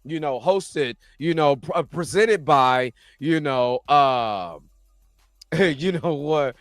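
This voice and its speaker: Excitable man hosting a live chat. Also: fairly high pitch, slow, dry recording, studio quality, soft background music. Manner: excitable, laughs often, shouts when thrilled. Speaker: show host. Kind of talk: casual live-stream chat.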